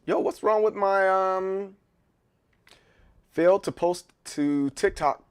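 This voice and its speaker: A man's voice: high-pitched, slow pace, smooth. A man streaming live in casual chat, rambling and joking, often repeating words. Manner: joking, playful.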